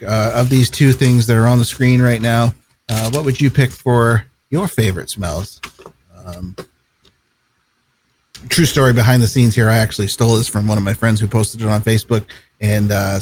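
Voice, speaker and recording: A man's voice: mid-range voice, darkish tone, a little hiss or hum. A man co-hosting a casual chat show, talking in an easygoing, rambling way and laughing often. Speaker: co-host.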